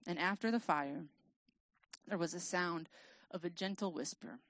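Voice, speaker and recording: A woman preaching in a relaxed, conversational way. She reads scripture aloud and adds wry asides. The sound is dry and close, with no room echo. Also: on the low side, a little slow. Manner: casual, self-deprecating, lively storytelling. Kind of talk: sermon with scripture reading.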